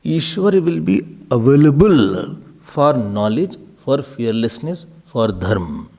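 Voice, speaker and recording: An Indian man giving a devotional talk as a swami, animated and laughing often, mixing in Hindi words. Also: mid-range voice, slow, vocal fry.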